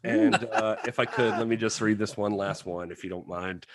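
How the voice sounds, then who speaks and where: A man's voice: on the low side, fairly even intonation, normal speed. A man hosting a casual podcast chat, amused and laughing often as he reads reviews aloud. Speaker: podcast host.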